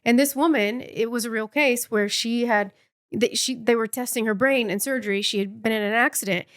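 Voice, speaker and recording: A woman co-hosting a podcast in casual chat, explaining things in quick, chatty bursts full of fillers like "like.". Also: a little high, fairly bright tone. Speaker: podcast co-host.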